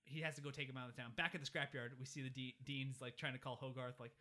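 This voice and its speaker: A man co-hosting a casual chat, recapping a movie and acting out the quotes in animated style. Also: mid-range voice, fast. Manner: animated storyteller who acts out quotes. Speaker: podcast co-host.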